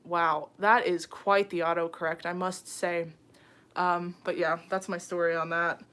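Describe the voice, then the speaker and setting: A young YouTuber reads comments during a late-night livestream, talking casually into her phone in a somewhat low, level voice that's a little slow, slightly bright, and smooth. She's chatty and giggly, packing her speech with "um" and "like." A touch of tiredness comes through as she wanders from thought to thought with small laughs.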